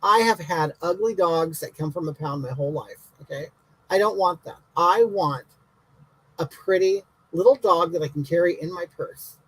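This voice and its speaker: A man's voice: a little high, normal speed, a bit bright, slightly rough, low-quality recording. A man playing a brash, bigoted elderly woman who answers viewers' comments in a comic livestream, talking in blunt, indignant, rambling rants.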